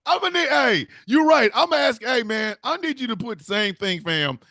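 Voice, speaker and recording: A man's voice: very high-pitched, expressive, fairly quick, bright, forceful tone, no echo, clean studio sound. A man hosting a casual stream, talking emphatically, swearing and laughing often. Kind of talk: casual livestream chat.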